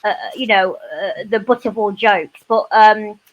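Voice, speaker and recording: A woman's voice: medium pitch, unhurried, dull audio. A woman, a panel guest telling her stories in a casual chat with lots of "you know" asides. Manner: animated storytelling, frequent "you know" asides.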